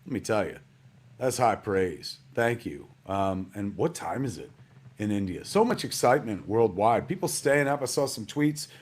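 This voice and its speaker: A man's voice: fairly low pitch, sing-song, normal speed, breathy edge. A middle-aged man hosting a live stream from home in a rambling, jokey casual way, calling everyone "man" and "kids".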